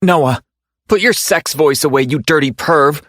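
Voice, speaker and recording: A man's voice: fairly high pitch, lively intonation, normal speed, a bit bright, dry recording, studio quality, pitched above the performer's own voice. A man voicing a feisty, sassy young woman in an audiobook, snapping indignant retorts. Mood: exasperated. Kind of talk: audiobook character voice.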